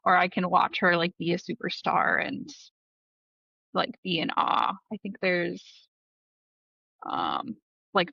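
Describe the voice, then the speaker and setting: A woman's voice: lowish voice, big pitch swings, slow, gravelly, long pauses, bright, forceful tone, slightly rough, dry recording, highs cut off. A woman therapist chatting eagerly on a podcast with many fillers. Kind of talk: casual podcast chat.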